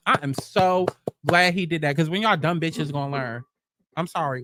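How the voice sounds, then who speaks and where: A man's voice: fairly high pitch, normal speed, noisy background. A man hosting a storytime commentary, ranting bluntly with profanity, sarcastic questions and repeated phrases. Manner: exasperated, sarcastic rhetorical questions. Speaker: commentary host.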